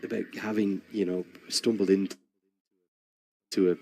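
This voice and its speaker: A man's voice: low-pitched, flat delivery, unhurried, creaky, dark tone. A man commentating live on a cricket match while telling a long, rambling anecdote, with frequent restarts.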